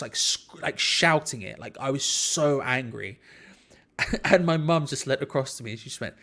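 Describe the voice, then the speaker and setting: Young male host, chatty rambling match watch-along commentary, mid-pitched. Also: normal speed, a bit bright. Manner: chatty, rambling, self-deprecating. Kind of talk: casual live match commentary.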